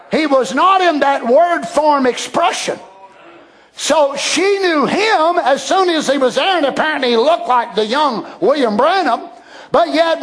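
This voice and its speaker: Very high-pitched impassioned male preacher. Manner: impassioned, swinging between hushed and shouted. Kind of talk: sermon.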